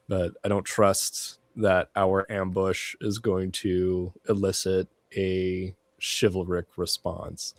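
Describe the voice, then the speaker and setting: Deep-voiced man talking fast as a player. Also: darkish tone, dry recording. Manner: quick, thinking aloud. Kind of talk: casual chat.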